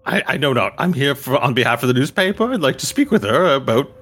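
Guy doing a fussy old reporter, husky voice, rambly and hesitant, tabletop game. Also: medium pitch, big pitch swings, quick pace, a bit bright. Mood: earnest. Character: old male newspaper correspondent, fussy and polite.

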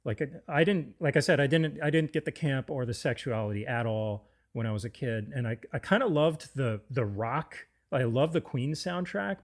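Guy on a movie podcast, excited, restarts his sentences a lot. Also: mid-range voice, moderate pace, few pauses. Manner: enthusiastic, restarts sentences often. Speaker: podcast co-host. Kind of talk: casual film discussion.

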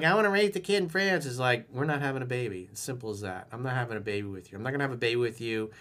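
A man's voice: mid-range voice, fairly bright tone. A man coaching viewers on their relationships, with a voice in the middle of the usual range. He talks bluntly and with swagger, swearing freely. He often acts out firm lines for the listener to repeat. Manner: blunt, emphatic, profane and swaggering, acting out lines to say. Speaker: dating coach. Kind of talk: video coaching, answering viewer emails.

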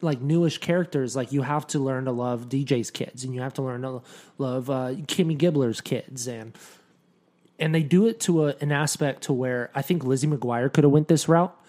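A man's voice: medium pitch, moderate pace, dark tone. Chatty man co-hosting a podcast. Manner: chatty, jokey, full of asides. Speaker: podcast co-host. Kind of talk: casual podcast chat.

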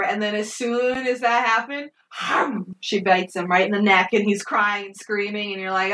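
A woman in casual chat recapping a movie, animated, swearing often and laughing. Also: mid-range voice, moderate pace, hardly any pauses, recorded from a distance, low-quality recording.

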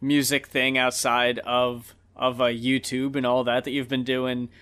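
A man's voice: medium pitch, little pitch movement, a little slow, fairly bright tone, clear, resonant tone. A man co-hosting a podcast, chatting casually with loose, profane storytelling. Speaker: podcast co-host.

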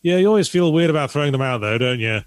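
A man's voice: on the high side, expressive, fast talker, no echo. A man, co-hosting a casual podcast chat, dry and wry, reading out viewer donations.

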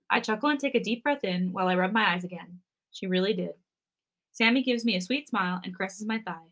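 A woman reading a romantic fan story aloud in the first person, in a gentle, soft, intimate way. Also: mid-range voice, fast talker. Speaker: podcast story reader.

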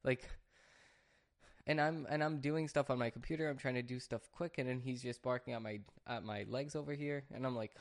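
A man's voice: medium pitch, steady tone, fairly quick. A man hosting a casual solo podcast from a home studio, talking in a rambling, chatty way with restarts and sidetracks. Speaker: podcast host.

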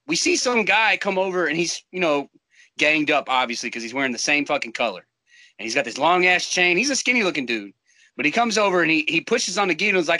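A young American man casually telling a profane, animated war-buddy story, laughing often. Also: on the high side, dry recording, poor audio.

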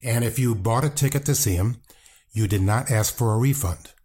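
A man's voice: medium pitch, moderate pace, a little mellow. An older man speaking bluntly and defensively as an interview guest, with rambling restarts and swearing. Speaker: wrestling guest, brother of the subject. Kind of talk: casual interview talk.

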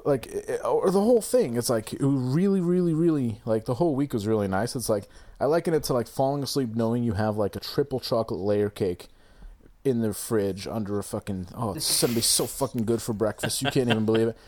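A man's voice: mid-range voice, brisk, a little mellow. A man telling a breakup story in casual chat, rambling and swearing, often restarting and laughing.

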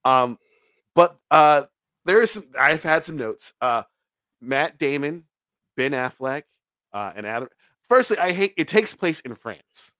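A man's voice: fairly high pitch, big pitch swings, a little slow, long pauses, pushed and bright, dry recording. A man co-hosting a podcast, reviewing a movie in casual, rambling, profane chat and laughing often. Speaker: podcast co-host reviewing a film.

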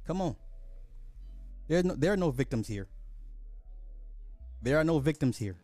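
A man's voice: on the high side, lively intonation, moderate pace, darkish tone, no room sound, soft background music. A man hosting a podcast, ranting bluntly in casual social commentary, full of profanity and sarcastic apologies. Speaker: podcast host.

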